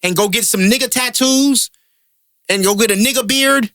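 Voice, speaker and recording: A man's voice: very high-pitched, moderate pace, a bit bright, no room sound, clean studio sound. A man hosting a podcast, a comedian ranting in heated, profane casual chat.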